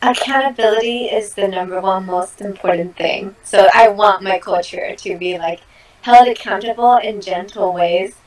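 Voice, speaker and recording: A woman's voice: medium pitch, normal speed, recorded from a distance, poor audio. A young woman in a research lab chatting casually and eagerly, with frequent laughs and fillers. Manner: bubbly, laughs often, many fillers. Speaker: lab member. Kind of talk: casual meeting chat.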